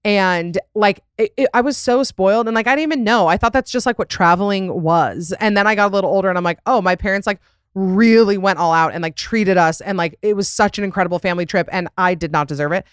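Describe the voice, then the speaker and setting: A woman's voice: mid-range voice, fast talker, hardly any pauses, smooth, dry recording, studio quality. A young adult woman hosting a podcast in casual chat, rambling and laughing with plenty of fillers. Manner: chatty, rambling, lots of "like" and laughs. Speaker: podcast host.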